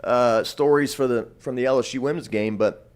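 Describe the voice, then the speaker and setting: A man's voice: mid-range voice, moderate pace, smooth. A man, a sports reporter talking casually on a radio show, rambling with frequent restarts.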